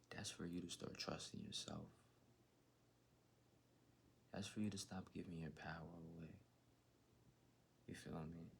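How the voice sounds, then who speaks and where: A man giving a live tarot reading to his chat in laid-back, slangy talk, sometimes dropping into soft whispered asides. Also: sits low, normal speed, gravelly, long pauses, slight background noise. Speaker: tarot reader.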